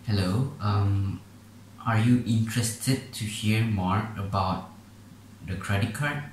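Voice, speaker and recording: A man's voice: lowish voice, unhurried, very echoey, a little hiss or hum, low-quality recording. A man acting out a comedy sketch, playing a phone salesman and the customers he calls.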